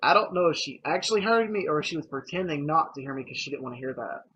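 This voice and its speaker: A young man telling a personal story to camera, candid and hesitant, pausing and restarting often. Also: a little high, animated, bright, forceful tone, slightly rough. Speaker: vlogger. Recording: dull lo-fi with faint noise.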